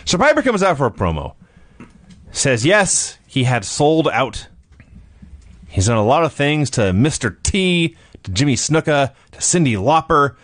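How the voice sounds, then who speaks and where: A man's voice: a little high, big pitch swings, a little slow, fairly bright tone, dry recording. A man co-hosting a casual podcast, retelling events in a storytelling way and laughing often. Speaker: podcast co-host. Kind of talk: casual wrestling recap chat.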